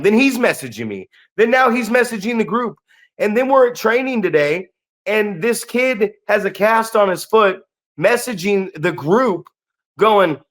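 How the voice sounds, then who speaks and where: A man's voice: high-pitched, expressive, moderate pace, fairly bright tone. A man co-hosting a podcast, telling a story in casual chat and swearing freely. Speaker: podcast co-host and wrestling promoter.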